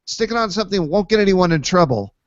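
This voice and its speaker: A man's voice: high-pitched, expressive, fast, dry recording. A man hosting a casual chat, joking and rambling with lots of fillers. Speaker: podcast host. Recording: dull lo-fi dry recording.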